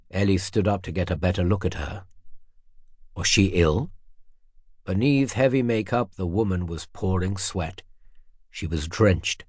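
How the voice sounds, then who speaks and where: A man reading a spy novel aloud in measured, even scripted narration. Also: sits low, no room sound, clean studio sound. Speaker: audiobook narrator.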